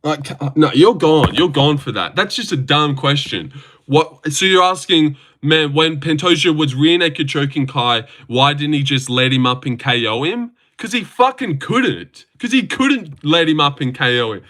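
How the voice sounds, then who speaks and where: A man's voice: fairly high pitch, lively intonation, moderate pace, fairly bright tone. A man streaming live, reading chat comments aloud and answering them in profane, heated rants.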